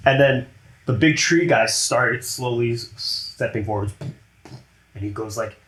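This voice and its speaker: A man's voice: medium pitch, moderate pace, a bit bright. A man narrating a tabletop game as game master in a chatty way, laughing often and slipping into character voices. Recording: roomy echo.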